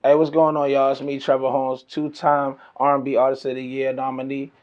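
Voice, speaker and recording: A man's voice: medium pitch, monotone, fairly quick, lo-fi sound. A man from Boston, an R&B artist, introducing himself in a confident, breezy way.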